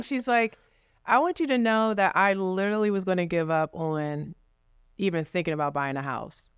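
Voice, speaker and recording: A woman real estate agent tells stories on a podcast with lively energy and acts out the people she quotes. Her voice is smooth and a touch low. The recording is dry, with no room sound. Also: normal speed, dry recording. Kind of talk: casual podcast interview.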